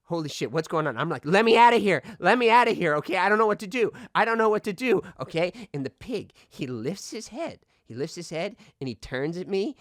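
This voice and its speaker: In a comedic audio drama, a man plays a boastful radio call-in show host who rambles through his tale, keeps demanding "okay?" and turns defensive whenever questioned. His voice is on the high side with big pitch swings, at normal speed with few pauses. The recording is dry and close, with no room sound.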